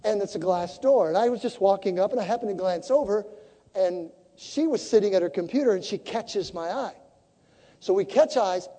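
A woman preaching a sermon as a story, animated and acting out the conversations she tells. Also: mid-range voice, normal speed, in a large hall.

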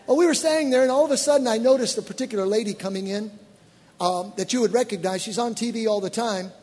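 High-voiced animated preacher man in a hall. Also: fast, breathy edge. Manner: animated, exclaiming storyteller with bursts of excitement. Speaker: pastor. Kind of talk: sermon storytelling. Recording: church hall reverb.

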